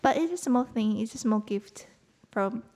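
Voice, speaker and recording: A woman co-hosting a podcast, chatting in English. She talks loosely and freely, tosses in the odd curse word and laughs readily. Her voice sits a little high. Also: expressive, moderate pace, warm tone. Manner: chatty, swears casually, laughs often. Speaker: podcast co-host. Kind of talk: casual chat in a second language.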